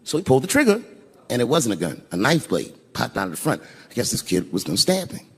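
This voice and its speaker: A middle-aged man telling a stand-up story, swinging between hushed asides and loud outbursts. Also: medium pitch, huge pitch swings, fast, breathy edge. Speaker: stand-up comedian. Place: large theater stage. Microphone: stage microphone. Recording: reverberant live theater recording.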